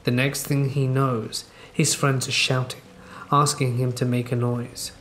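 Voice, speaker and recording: Male horror story narrator, mid pitch, steady and measured, soft rain behind. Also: slight background noise. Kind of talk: scripted narration. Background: faint rain ambience.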